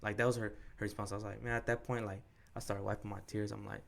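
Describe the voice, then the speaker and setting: A young man with a low voice tells a personal story on a podcast. His delivery stays flat and level as he talks in candid, slangy, cuss-heavy speech, acting out what each person said. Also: quick pace, creaky. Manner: slangy, profane, frank retelling with quoted dialogue. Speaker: podcast co-host.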